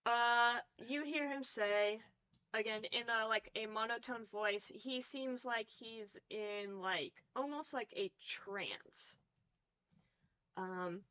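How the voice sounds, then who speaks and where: A woman's voice: on the high side, takes it slowly, bright, forceful tone, clean tone. A woman narrating a tabletop game as game master, with hesitant, filler-heavy delivery. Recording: dull lo-fi audio.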